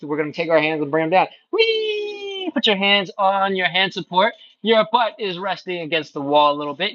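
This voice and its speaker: A man's voice: on the high side, fairly bright tone, highs cut off. A man leading a live stretching workout, explaining each step in an encouraging, playful way. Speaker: stretching instructor.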